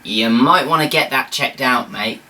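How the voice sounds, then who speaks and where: A woman's voice: very deep voice, unhurried, pushed and bright. A woman giving comedic review commentary with sarcastic, incredulous asides.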